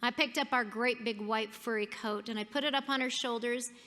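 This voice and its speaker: A woman's voice: on the high side, brisk. Lady giving a keynote, acts out the people in her story, echoey hall sound. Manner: animated storyteller, quoting people in voices. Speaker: keynote speaker. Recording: long hall reverb.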